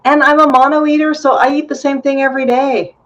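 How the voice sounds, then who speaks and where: A middle-aged woman hosting a casual chat, sounding enthusiastic and quick to laugh. Her voice sits a little high. She talks in a friendly, easygoing way. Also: flat delivery. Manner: chatty and enthusiastic, laughs easily. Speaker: host. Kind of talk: casual conversation.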